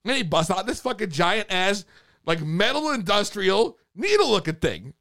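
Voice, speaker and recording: A man telling a story in casual chat, excitable and full of swearing and slang. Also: high voice, moderate pace.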